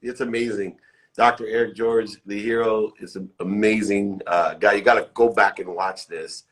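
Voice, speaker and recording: A man's voice: lowish voice, steady tone, normal speed, fairly bright tone. A middle-aged man hosting a live motivational chat, effusive and upbeat, repeating uplifting phrases. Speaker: live show host. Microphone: phone or webcam live stream.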